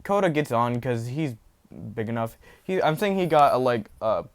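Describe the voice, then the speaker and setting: A man's voice: mid-range voice, expressive, normal speed, clean tone. A man casually retelling a fan story off the cuff, rambling with many fillers and self-corrections.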